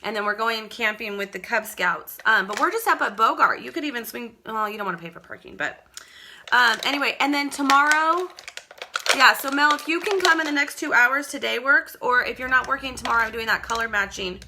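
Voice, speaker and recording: A woman's voice: fairly high pitch, a little fast, background noise. A woman chatting casually through a live makeup tutorial at home, rambling and greeting viewers by name. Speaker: makeup seller demonstrating products.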